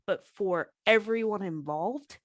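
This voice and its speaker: A woman's voice: mid-range voice, takes it slowly, no room sound. A woman in her thirties, a guest on an interview podcast, telling her story candidly and emotionally, acting out what others said. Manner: emotional, candid, quotes others in lively voices. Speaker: guest, former pro wrestler.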